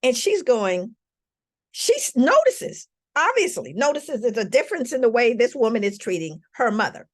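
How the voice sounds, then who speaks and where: A woman speaks to a live crowd in a lively, swooping voice that sits a little high. She tells her story with animated storytelling and keeps turning to the audience with questions. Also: normal speed. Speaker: scholar giving a talk.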